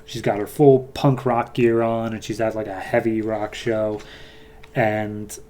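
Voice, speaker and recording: A man's voice: lowish voice, flat delivery, unhurried, warm tone. A man hosting a podcast, recapping a comic book in a loose, chatty way with fillers. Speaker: podcast host.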